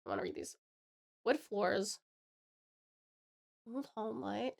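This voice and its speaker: A woman's voice: medium pitch, wildly swooping pitch, slow, creaky. An Australian woman from Tasmania chatting casually on a live stream, bubbly and greeting her chat with pet names.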